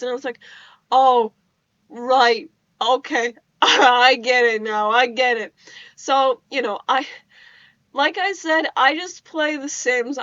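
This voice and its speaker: A woman's voice: sits high, a bit bright, no room sound, muffled recording. A young woman rambling casually over a video game, often restarting her sentences, laughing and swearing as she talks. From Netherlands. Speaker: gaming YouTuber.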